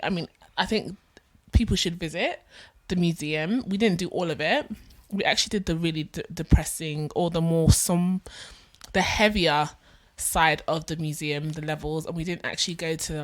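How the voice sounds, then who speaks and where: A young woman with a London accent chatting on a podcast, telling stories animatedly and acting out the people in them. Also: low-pitched. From England. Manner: animated storyteller, acts out voices with laughter. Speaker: podcast co-host. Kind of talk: casual chat.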